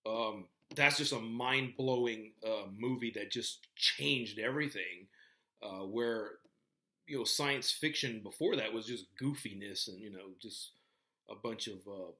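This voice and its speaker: Guy lecturing a class, lowish voice but bright and forceful, lots of ums and uhs. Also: a little slow. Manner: rambling, many fillers and restarts. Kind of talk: casual talk to a class. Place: classroom with a board.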